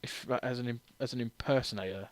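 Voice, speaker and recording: A man's voice: mid-range voice, fast talker, dry recording. Tipsy man rambling over a game. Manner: rambling, self-deprecating, laughs often. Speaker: game streamer. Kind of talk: casual let's-play commentary.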